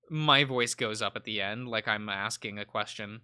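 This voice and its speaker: A man's voice: lowish voice, moderate pace, pushed and bright, clean tone. A man streaming himself reading a visual novel aloud, stumbling over fillers and correcting himself as he goes. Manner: reads narration with many fillers and self-corrections.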